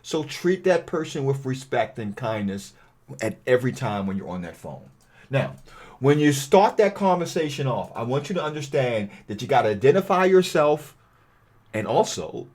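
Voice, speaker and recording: A man's voice: medium pitch, a little mellow. A man giving a real estate training video, talking in a conversational way and reading cold-call phone scripts aloud to show tone.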